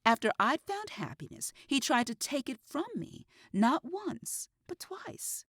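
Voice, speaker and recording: A woman voicing an eerily calm, husky killer. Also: lowish voice, a little slow, dry recording, studio quality, full character voice. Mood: bitter. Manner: eerily calm, rising to bitter outbursts.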